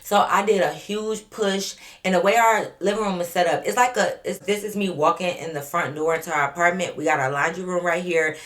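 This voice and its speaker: Animated young woman telling a story. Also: fairly low pitch, brisk, few pauses. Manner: animated, talks straight to viewers, acts out what others said. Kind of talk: casual storytime.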